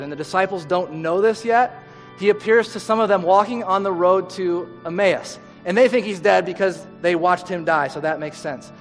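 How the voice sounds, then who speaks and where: A man preaching a sermon as pastor, earnest and emphatic, letting phrase endings fall away. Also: high voice. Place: church sanctuary. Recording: hall reverb with faint music.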